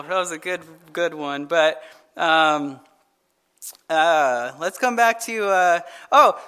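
A man's voice: very high-pitched, sharp tone, smooth. A male pastor giving a midweek Bible-study sermon in a casual, conversational way, often asking the audience rhetorical questions and chuckling as he tells stories. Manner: chuckles while telling stories.

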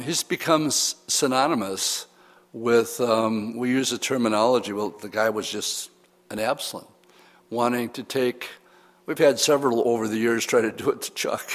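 An older man preaching an expository sermon as pastor, talking conversationally with light humorous asides. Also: mid-range voice. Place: church sanctuary. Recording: reverberant church hall.

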